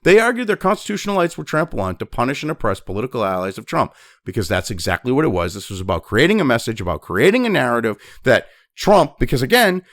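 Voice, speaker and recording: A man's voice: medium pitch, very animated, fast, a bit bright, dry recording, clean studio sound. A man hosting a news commentary show, ranting angrily and swearing constantly. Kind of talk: angry profane rant.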